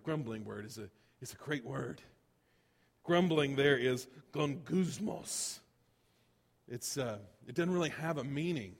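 A man preaching a sermon as a pastor, conversational and animated, full of rhetorical questions and asides. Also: medium pitch, long reverb tail.

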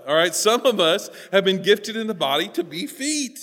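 With a high voice and big pitch swings, a male pastor preaches emphatically at normal speed, rarely pausing. He often repeats words and moves between quiet asides and loud stresses, and the hall adds long reverb.

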